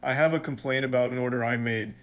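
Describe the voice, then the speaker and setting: A man prank calling businesses, repeating his lines in a flat deadpan with crude jokes. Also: mid-range voice, quick pace. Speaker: prank caller. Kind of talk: prank phone call. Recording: phone call with loud background noise.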